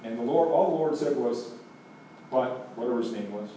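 Male pastor, storytelling sermon, warm low tone, recorded from a distance in a reverberant church. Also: moderate pace, slight background noise. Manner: storytelling, swings from hushed to emphatic. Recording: echoey room, voice from a distance.

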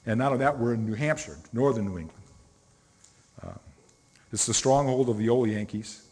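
This middle-aged man, a pastor, preaches a sermon in a medium-pitched voice that is darkish and slightly rough, talking a little fast. He tells stories in a conversational way and stresses single words, and the long reverb of the church sanctuary fills the recording.

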